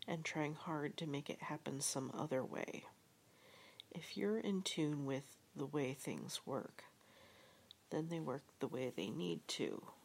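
A woman reading a gentle storybook text aloud in a soft, half-whispered, breathy way. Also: sits low. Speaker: reader.

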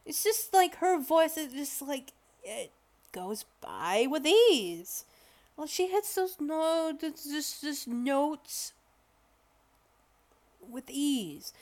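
A woman vlogger giving casual, rambling music commentary, excitable and full of exclamations and restarts. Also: a little high, slow pace.

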